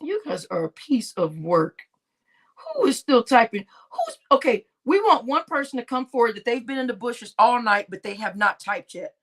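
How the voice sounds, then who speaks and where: A woman's voice: a little high, sing-song, moderate pace, fairly bright tone. A woman hosting a casual live stream, chatting and laughing with her viewers and addressing them as y'all. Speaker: livestream host.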